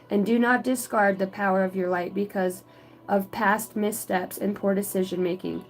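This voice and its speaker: A woman leads an oracle card reading in a voice of ordinary middle pitch, moving between reading card text aloud and raw, emotional comments. Her asides are casual and include swearing. Gentle music plays faintly underneath. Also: rough recording. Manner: emotional, earnest. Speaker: psychic card reader.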